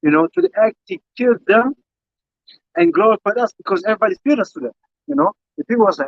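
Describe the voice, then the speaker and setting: A man leading a casual Bible study chat in an excitable way, swearing and saying "man" again and again. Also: sits high, fast talker, vocal fry, no room sound. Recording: dull lo-fi dry live stream.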